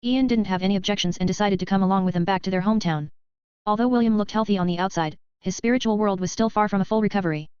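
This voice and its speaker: A woman reading a web novel as an audiobook in a quick, even narration with barely changed character voices. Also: mid-range voice, smooth, dry recording. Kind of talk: scripted narration. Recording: slightly dull, dry sound.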